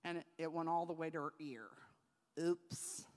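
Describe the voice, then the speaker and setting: A woman preacher telling a childhood story in a sermon, moving between soft storytelling and loud preaching. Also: low voice, level tone, normal speed, in a large hall.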